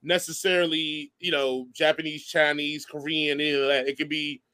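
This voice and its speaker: High-voiced, animated male podcast host. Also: normal speed. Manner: animated, laughs often, breaks into silly voices. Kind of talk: casual chat.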